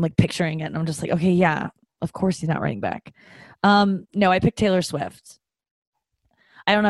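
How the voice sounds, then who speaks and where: A woman's voice: fairly low pitch, a little mellow, no room sound. A young adult woman hosting a podcast, chatting casually in a candid, rambling, self-deprecating way with many fillers. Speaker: podcast host. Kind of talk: casual solo chat.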